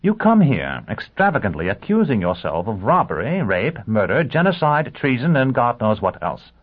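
A man voicing a brisk, confident male lawyer who speaks with crisp assurance. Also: mid-range voice, big pitch swings. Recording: tinny phone-like band.

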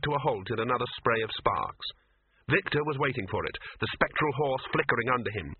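A man narrates a story with dry, wry delivery and a husky, breathy tone. The recording is narrow and tinny, like a phone line, and sounds close and dry. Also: medium pitch, animated, a little fast, dry recording. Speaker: audiobook narrator. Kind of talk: scripted narration.

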